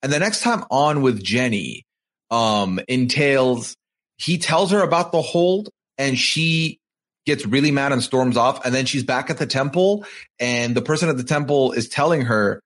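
A man's voice: medium pitch, lively intonation, normal speed, a bit bright. A man co-hosting a podcast over a video call, recapping reality-show events and adding emphatic, outraged commentary. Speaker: podcast co-host.

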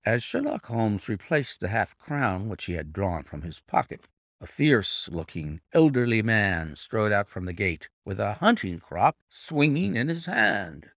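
A man narrating a classic detective story aloud with expressive storytelling. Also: fairly low pitch, a little slow, gravelly, dry recording, clean studio sound. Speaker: narrator and annotator. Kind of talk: audiobook narration.

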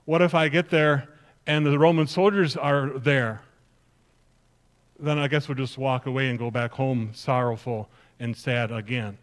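A man's voice: mid-range voice, fairly even intonation, a little slow, close to an everyday voice. A male pastor preaching in the first person as an earnest woman disciple, telling her story emphatically to the congregation. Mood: sorrowful. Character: grieving then joyful woman disciple, earnest. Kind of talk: first-person dramatic sermon monologue.

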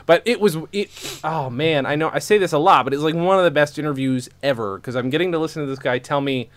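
A man hosting a podcast, chatting excitedly and swearing as he retells a story. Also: fairly high pitch, fast talker. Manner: excitable, swears, quotes others with "I'm like". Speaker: podcast host. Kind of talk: casual chat.

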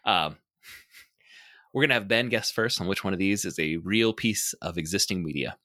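A man's voice: low voice, moderate pace, pushed and bright, no room sound, studio quality. A man hosting a podcast game in casual chat, laughing often and correcting himself as he goes. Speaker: podcast host running a game. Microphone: desk microphone.

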